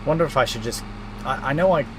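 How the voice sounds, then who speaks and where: Against a noisy background, a young man talks fast in a mid-range voice on his gaming stream. He rambles and chuckles while playing, chatting casually with viewers and calling them mate.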